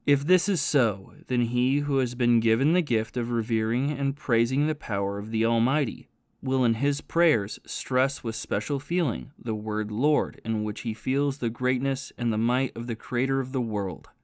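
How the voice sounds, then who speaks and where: A man's voice: medium pitch, a little mellow, dry recording, studio quality, lightly acted. Man reading as an earnest learned scholar. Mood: earnest, instructive. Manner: earnest, measured and instructive. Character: learned male scholar teaching about prayer. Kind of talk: audiobook reading of a spiritual classic.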